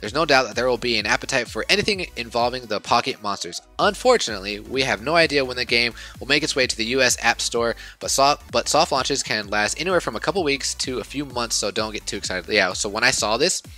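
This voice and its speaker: Young man, casual gaming news chatter, very bright tone, soft music behind. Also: mid-range voice, lively intonation, fast, few pauses. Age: 20s. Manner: rambling, self-deprecating, chatty. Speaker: YouTube news host.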